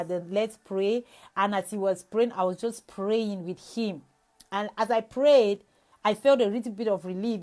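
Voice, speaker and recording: A young adult woman evangelist with a high-leaning voice gives a devotional sermon, reading scripture and sharing an earnest personal testimony with many restarts.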